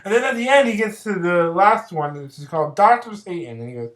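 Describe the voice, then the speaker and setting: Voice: medium pitch, animated, fairly quick, few pauses, a bit bright, roomy sound. A casual vlogger rambling through a film plot recap with lots of fillers and giggles. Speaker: vlogger reviewing films.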